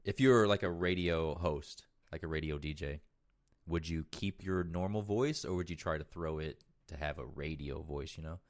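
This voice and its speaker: A man's voice: extremely low pitch, moderate pace. A man co-hosting a podcast in loose, profane casual chat, laughing often. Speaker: podcast co-host.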